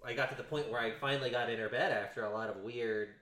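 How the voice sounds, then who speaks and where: Woman, very deep voice, casual podcast chat, hesitant, roomy echo. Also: steady tone, fast, fairly bright tone. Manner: laid-back, hesitant, frequent agreement.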